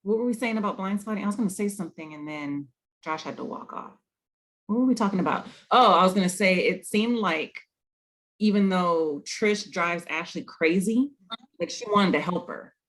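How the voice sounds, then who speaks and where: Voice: medium pitch, moderate pace, a bit bright. Cohost chatting about a show, easygoing, recaps scenes. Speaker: podcast co-host. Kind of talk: casual chat.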